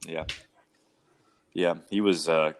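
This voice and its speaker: A man's voice: very deep voice, slow pace. A man co-hosting a podcast in casual chat, talking in a rambling way with many fillers. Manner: rambling, filler-heavy, animated. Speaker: podcast co-host.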